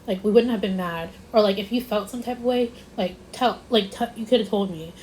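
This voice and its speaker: A woman's voice: medium pitch, brisk, a little mellow, a little hiss or hum, poor audio. A young woman vlogger telling a casual storytime, rambling with lots of "like" and stressing her points. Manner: rambling, repeats herself, lots of "like".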